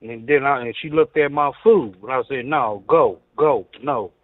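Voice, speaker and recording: A man's voice: medium pitch, normal speed, dry recording, narrow, tinny audio. A man calling into a casual podcast, grumbling and exasperated in his talk. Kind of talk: casual chat.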